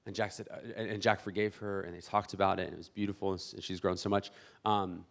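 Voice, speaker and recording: A man in his thirties preaching a sermon as a pastor, animated and conversational, acting out church members and often restarting his words. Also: lowish voice, fast talker. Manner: many restarts and repeated words.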